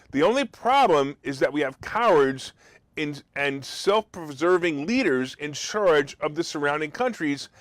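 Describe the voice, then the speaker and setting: Sarcastic high-voiced man ranting. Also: no room sound. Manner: sarcastic, mocking, rising to incredulous peaks. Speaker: talk show host. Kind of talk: opinionated monologue.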